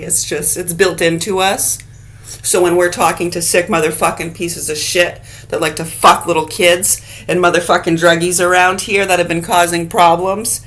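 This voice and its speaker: A woman's voice: lowish voice, fairly bright tone. A woman vlogging straight to camera in a blunt, profane rant with rambling casual asides.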